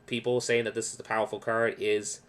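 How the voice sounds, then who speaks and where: His voice is fairly low, clear, and resonant, delivered flatly and fairly quickly. As a gaming video creator, he offers casual card game strategy tips in a rambling, explanatory style full of restarts and quoted asides.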